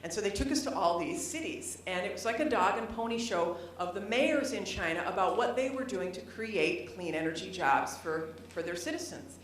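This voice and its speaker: A middle-aged woman giving a public lecture to an audience, animated and humorous, at times rising almost to a shout. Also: medium pitch, normal speed, few pauses, a little hiss or hum. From United States. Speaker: lecturer, former governor. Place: library lecture hall. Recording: very echoey hall, voice from some distance.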